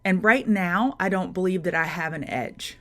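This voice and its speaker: A woman's voice: on the low side, moderate pace. A woman hosting a live market-prep stream, talking through charts and greeting viewers by name in a chatty way. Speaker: trading show host.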